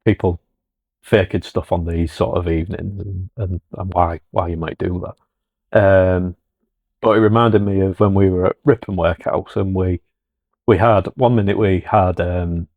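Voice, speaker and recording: A man hosting a podcast, chatting in a relaxed way and thinking aloud as he goes. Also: deep voice, normal speed, dry recording, narrow, tinny audio. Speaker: podcast host. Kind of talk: casual chat.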